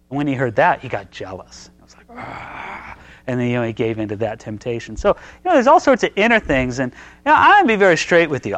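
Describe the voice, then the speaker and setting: A man's voice: medium pitch, fairly bright tone. A man teaching church history in a casual, folksy way, asking his listeners questions as he goes.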